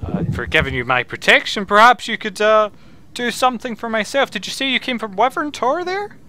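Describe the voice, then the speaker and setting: A man's voice: high voice, big pitch swings, a little fast, pushed and bright, voice pushed up, full character voice. A man doing a courtly wizard. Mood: genteel. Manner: formal, overly polite, hesitant phrasing. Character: courtly male wizard commanding zombies, smug host.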